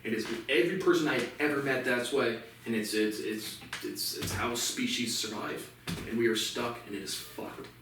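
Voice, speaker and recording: A man's voice: medium pitch, steady tone, normal speed, fairly bright tone. A man in a rambling, profane solo monologue, ranting agitatedly on his outdoor porch. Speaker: vlogger. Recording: echoey and distant with faint noise.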